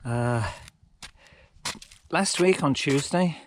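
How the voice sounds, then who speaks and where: A man's voice: a little high, very slow, slight background noise. A man narrating his trail run in a casual, self-mocking vlog, talking to himself out on a mountain trail. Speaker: trail-running vlogger.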